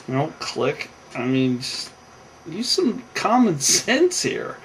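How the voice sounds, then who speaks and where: A man's voice: on the high side, wildly swooping pitch, slow, a bit bright, a little hiss or hum, low-quality recording. A tired man casually recapping a reality show, rambling with lots of fillers and restarts. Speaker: show commentator.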